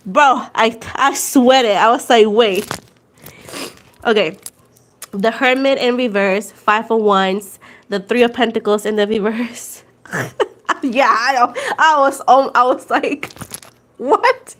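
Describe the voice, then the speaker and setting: A woman's voice: a little high, measured pace, a bit bright. A Puerto Rican woman in her twenties, chatting casually on a tarot livestream, switching between English and Spanish and laughing often. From Puerto Rico. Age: 20s. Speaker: tarot reader livestream host.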